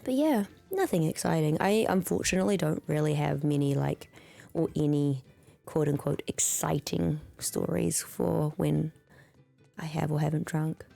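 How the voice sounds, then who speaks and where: Young woman streamer, low-key, throaty and a little gravelly, chatty and giggly. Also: moderate pace, mellow, faint music behind. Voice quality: throaty, slightly hoarse. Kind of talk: casual chat with viewers. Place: home streaming room. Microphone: close streaming mic.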